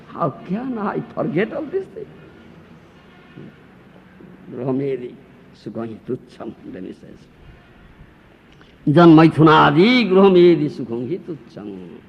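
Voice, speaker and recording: On a dull 1992 lecture tape with faint hiss, an animated, gravelly spiritual teacher speaks English as a second language. His voice runs on the high side, a little slow with long pauses, as he teases through a scripture lecture with Q&A, impersonating the attached householder and asking rhetorical questions.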